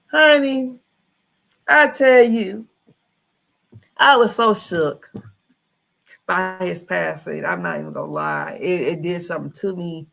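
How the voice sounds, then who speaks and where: A middle-aged woman chats through a casual livestream in a folksy, familiar way and keeps calling her viewers honey. Her mid-pitched voice carries a slightly gravelly, creaky texture. She sounds like she is talking into a home streaming setup. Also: a bit bright. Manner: chatty, folksy, calls the audience honey. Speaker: livestream host.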